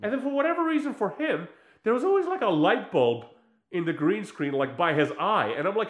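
Man, slightly high voice, casual chat, animated storytelling, mocking, laughing. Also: a little fast, reverberant.

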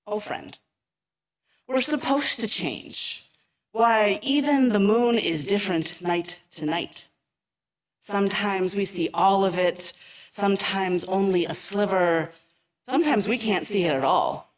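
A woman voicing a gentle, wise butterfly in a children's story, speaking softly and reassuringly. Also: deep voice, unhurried, low-quality recording. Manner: soft, tender and reassuring. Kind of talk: reading a children's story aloud.

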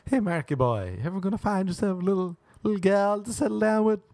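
A man's voice: high voice, expressive, quick pace, a little mellow, no echo, clean studio sound, voice pushed up. An Irishman putting on a folksy prairie parent. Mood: nagging. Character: folksy old-timey prairie parent nagging son.

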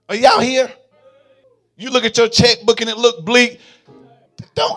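A male pastor preaching a sermon in a call-and-response style, swinging from quiet murmurs to fervent shouts. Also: sits high, animated, normal speed, vocal fry.

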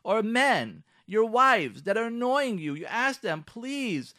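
A man hosting a radio talk show, speaking in a lively way, acting out both sides of arguments and mixing in Hebrew and Yiddish terms. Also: high-pitched, a little slow, no room sound, clean studio sound. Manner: lively, acts out both sides of quarrels in shifting voices. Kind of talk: animated radio talk with acted scenarios.

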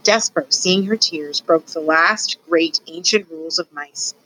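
Woman reading a storybook aloud, bright. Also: sits low, a little slow, rough recording. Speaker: student reader.

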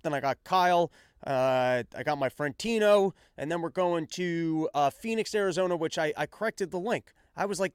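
A man's voice: sits high, animated, moderate pace, dry recording, studio quality. A man who is a stand-up comedian hosting his own show, talking in a casual, rambling, self-mocking monologue with stumbling restarts. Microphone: self-filmed on action camera.

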